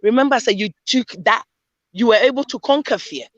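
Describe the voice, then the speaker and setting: A woman, a panelist in a casual group discussion, telling animated stories and mixing in Twi phrases. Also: fairly high pitch, brisk, no room sound, muffled recording.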